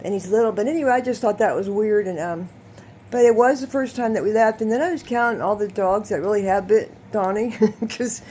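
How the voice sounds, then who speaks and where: A woman vlogging, telling a rambling, animated story and laughing often as she talks. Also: medium pitch, fairly quick, a little hiss or hum. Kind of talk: casual storytelling to camera.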